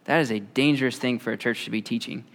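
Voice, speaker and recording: A man in his thirties giving a conversational sermon, relaxed and often pausing on "uh" between thoughts. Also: mid-range voice, vocal fry. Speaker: preacher.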